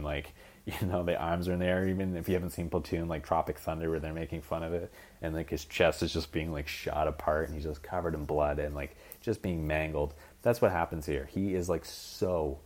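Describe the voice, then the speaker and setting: A man's voice: low voice, a little mellow. A young man hosting a solo podcast, rambling casually with lots of fillers, swearing, and acting out scenes as he retells them. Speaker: podcast host. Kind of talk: casual rambling film chat.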